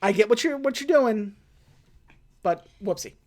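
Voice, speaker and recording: A man co-hosting a podcast, casually recapping a film, often laughing and acting out lines in quick voices. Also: high voice, lively intonation. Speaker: podcast co-host. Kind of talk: casual movie recap chat.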